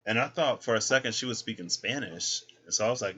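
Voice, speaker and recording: A man's voice: mid-range voice, animated, a little fast, hardly any pauses, sharp tone. A man rambling in a casual vlog, hesitant and meandering as he thinks aloud about his dreams and tarot cards. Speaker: tarot vlogger. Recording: dull lo-fi sound with faint noise.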